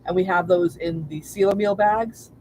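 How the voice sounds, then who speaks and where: A woman's voice: fairly low pitch, steady tone, normal speed, a little mellow, low-quality recording. A chatty woman co-hosting a casual livestream, repeating herself and laughing easily. A faint hiss sits under her voice. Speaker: co-host of a travel livestream.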